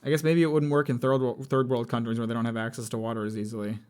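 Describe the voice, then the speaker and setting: A man's voice: medium pitch, level tone, rapid-fire, darkish tone, clear, resonant tone. A young man chatting casually on a live stream, rambling, blunt and profane with a sardonic edge. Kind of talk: casual live-stream chat while building a model kit.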